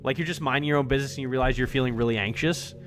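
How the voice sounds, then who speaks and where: A man's voice: medium pitch, rapid-fire, fairly bright tone, a little hiss or hum. A man streaming a visual novel, joking and talking to the game character as he plays. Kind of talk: casual gameplay commentary.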